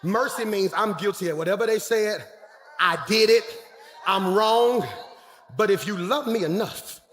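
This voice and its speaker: A man preaching a sermon as pastor, swinging between shouted calls and quiet, hushed storytelling. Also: high-pitched, a little slow, long reverb tail, some chatter behind, slight background noise. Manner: preaching in Black church style, shouting and dropping to a hush.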